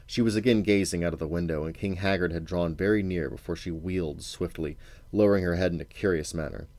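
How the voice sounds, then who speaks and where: Deep-voiced father reading a novel aloud. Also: fast, darkish tone, dry recording. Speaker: parent reading to his children.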